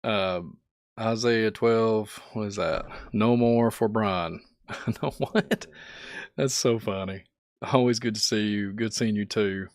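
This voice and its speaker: A man with a sore, hoarse throat hosting a casual livestream, laughing often as he greets viewers in the chat by name. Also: on the low side, slow, no room sound, clean studio sound. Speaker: livestream host.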